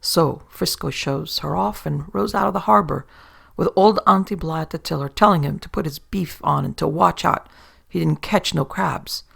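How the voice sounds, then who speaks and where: A woman's voice: low voice, gravelly, a bit bright, breathy edge. A woman narrating a horror tale of the sea in a folksy sailor-yarn manner. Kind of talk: horror story reading.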